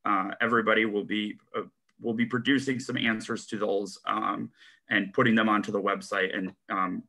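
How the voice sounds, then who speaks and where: A man's voice: lowish voice, flat delivery, normal speed, gravelly, bright, forceful tone. A man moderating a convention session, speaking hesitantly with many fillers. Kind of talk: panel moderation.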